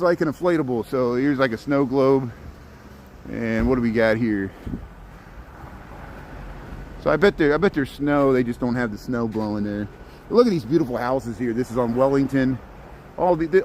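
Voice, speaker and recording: A man's voice: medium pitch, brisk, darkish tone. Rambling man vlogging on a night walk. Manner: rambling, chatty, many restarts. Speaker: walking vlogger. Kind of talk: casual walking commentary. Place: outdoors on city streets at night. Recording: faint street and traffic noise.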